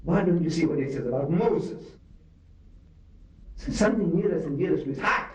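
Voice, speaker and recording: A man's voice: fairly high pitch, moderate pace, a little hiss or hum. Older South African man preaching in an echoey hall. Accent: South African Indian English. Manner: animated storytelling, acting out dialogue and questioning the audience. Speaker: lecturer. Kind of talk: public religious lecture. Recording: dull, echoey hall recording from far off.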